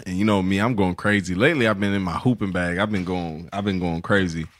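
A man's voice: low voice, normal speed. A man co-hosting a casual group podcast, joking around and telling laid-back stories in slang. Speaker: podcast co-host.

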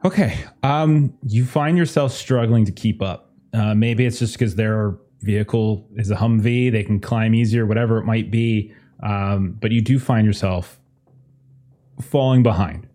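A man's voice: fairly low pitch, unhurried, mellow. A man narrating as game master of a tabletop game, describing scenes loosely with many restarts and fillers.

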